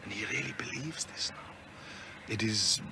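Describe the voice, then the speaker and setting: A calm, measured internee. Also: male voice, on the low side, gravelly, very noisy. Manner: measured, quiet and careful. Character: calm, thoughtful foreign male internee. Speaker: interned prisoner. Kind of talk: 1980s television drama.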